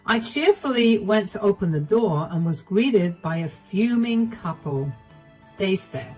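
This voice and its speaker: A woman narrating a first-person story in an even, matter-of-fact way. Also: medium pitch, a little slow, breathy edge, faint music behind, low-quality recording.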